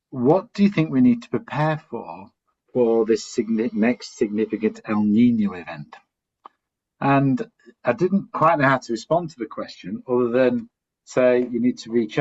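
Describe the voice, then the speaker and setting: A man's voice: medium pitch, darkish tone, slightly rough. Man, northern english accent, polite, rambling, dull lo-fi call audio. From Northern England. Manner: polite, rambling, searching for words. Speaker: audience member asking a question.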